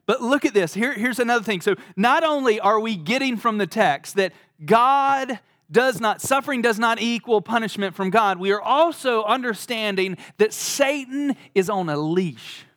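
High-voiced man giving a casual Bible lesson. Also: expressive, unhurried, a bit bright, dry recording, clean studio sound. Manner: conversational, laughing, many "like" fillers. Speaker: Bible teacher.

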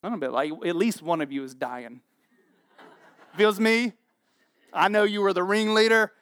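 A man's voice: high voice, normal speed, dry recording, studio quality. A man in his forties preaching a sermon, telling scripture stories with humor and acted-out voices. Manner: animated, joking storyteller with acted-out voices. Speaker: pastor.

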